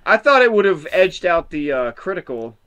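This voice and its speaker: A man's voice: high-pitched, very animated, moderate pace, a bit bright, clear, resonant tone. A man co-hosting a casual movie podcast who drops wry, teasing asides. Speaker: podcast co-host.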